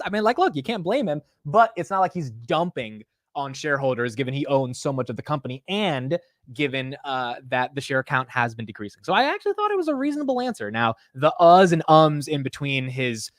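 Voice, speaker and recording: A young man hosting a casual stock market livestream, excitable and swearing freely as he riffs on prices. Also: mid-range voice, no echo, studio quality.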